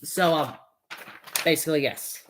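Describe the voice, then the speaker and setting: A woman's voice: low-pitched, unhurried, a little hiss or hum. A woman chatting casually on a live stream, rambling and giggling, with lots of fillers.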